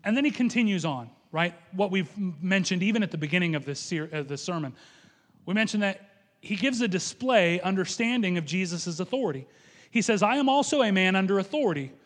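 A man's voice: high voice, lively intonation, a little fast. Man preaching in a big echoing hall. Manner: quotes scripture aloud and acts out the speakers in it. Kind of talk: sermon.

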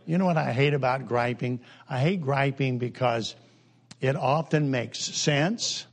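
An older man preaching a humorous sermon in a folksy, joking way, with sudden jumps in pitch and pace. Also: measured pace.

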